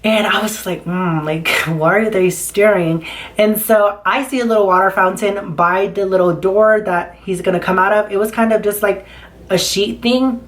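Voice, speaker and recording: Young woman vlogger, casual storytime, chatty and profane, mid-pitched. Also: fairly even intonation, moderate pace. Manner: chatty, swears freely, acts out the dialogue she retells.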